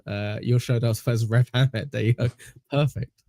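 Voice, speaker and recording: A man's voice: mid-range voice, steady tone, normal speed, warm tone, no room sound, studio quality. A British man from England hosting a podcast, rambling casually with lots of fillers and self-deprecating asides. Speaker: podcast host. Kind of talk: casual chat.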